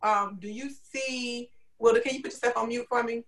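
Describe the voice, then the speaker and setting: A woman hosting a panel discussion on a video call, speaking to the audience directly and in an animated way. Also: a little high, normal speed. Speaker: discussion host.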